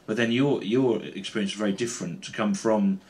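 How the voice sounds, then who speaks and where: A man's voice: lowish voice, fairly quick, darkish tone. A man hosting a panel conversation at a bookshop event, asking wry and hesitant questions. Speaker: host. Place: bookshop event before a live audience.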